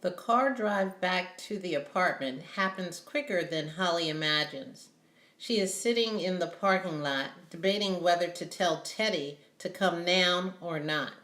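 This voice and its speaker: Lady reading an audiobook, slow and even, echoey room. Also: lowish voice. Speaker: audiobook narrator. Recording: roomy echo.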